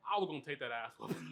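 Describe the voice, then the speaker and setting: A man hosting a podcast, telling a story in animated, profane, filler-heavy casual chat. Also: on the high side. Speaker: podcast host.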